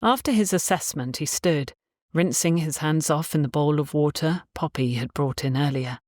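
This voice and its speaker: A woman's voice: low voice, moderate pace, darkish tone, no room sound. Woman narrating a romance audiobook, dry.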